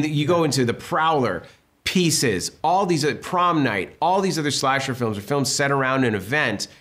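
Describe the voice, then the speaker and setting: A man, a film director being interviewed, telling stories in an animated, enthusiastic way. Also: mid-range voice. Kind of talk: casual interview talk.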